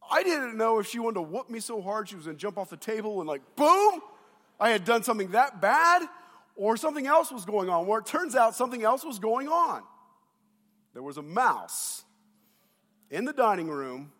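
A man preaching a sermon to his congregation on a lapel mic, telling stories in an animated way and speaking straight to the people in front of him. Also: high-pitched, normal speed. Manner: animated storytelling, addresses the congregation directly. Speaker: pastor. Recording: long reverb of a big hall.

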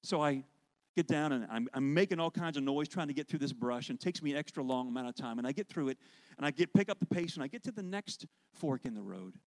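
A worship leader preaching with lively, conversational storytelling. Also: male voice, mid-range voice, quick pace. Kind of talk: sermon storytelling.

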